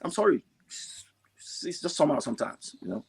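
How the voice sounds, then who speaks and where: A man calling in to a talk show, speaking with emotion, repeating himself and rising to near shouts. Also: a little high, very animated, brisk, slightly rough, in a whisper. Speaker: caller. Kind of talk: impassioned call-in commentary.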